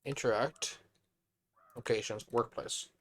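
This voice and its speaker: A man with a hoarse, fading voice, chatting casually on a live stream as he plays a building game and thinks aloud. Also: medium pitch, steady tone, slow, a bit bright.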